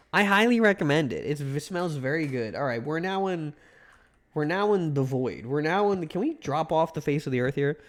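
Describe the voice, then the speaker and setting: A man streaming a video game live, giving casual commentary, joking and swearing as he talks back to the game. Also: fairly high pitch.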